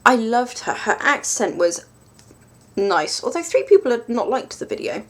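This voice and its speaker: A woman's voice: fairly high pitch, big pitch swings, moderate pace. A woman chatting casually through a tarot deck review, rambling and self-mocking with lots of ums.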